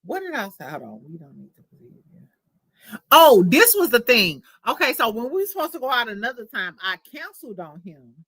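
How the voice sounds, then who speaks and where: Animated woman hosting a livestream chat. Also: a little high, fairly quick, hardly any pauses, husky, dry recording. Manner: animated, profane, candid storytelling. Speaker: livestream host.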